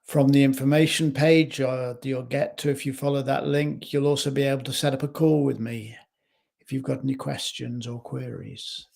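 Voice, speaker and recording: A man speaking as a life coach in a slow, measured reflective talk, recorded in his home kitchen. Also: mid-range voice, steady tone, creaky, darkish tone.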